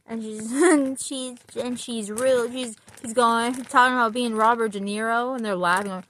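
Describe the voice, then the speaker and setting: A woman's voice: a little high, steady tone, normal speed, few pauses, a bit bright, no room sound. A woman chatting casually about a book while getting ready, rambling and laughing often as she retells scenes. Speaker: vlogger.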